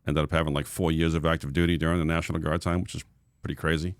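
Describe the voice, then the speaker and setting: Deep-voiced New England man in his fifties. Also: little pitch movement, rapid-fire, no room sound, studio quality. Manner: easygoing, rambling with many fillers. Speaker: guest, veteran. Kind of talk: casual interview chat.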